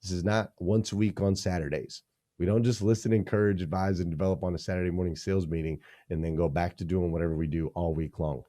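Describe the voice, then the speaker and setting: Deep-voiced, energetic male leadership coach. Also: fast. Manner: energetic, emphatic teaching with punchy repeated phrases. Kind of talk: podcast interview.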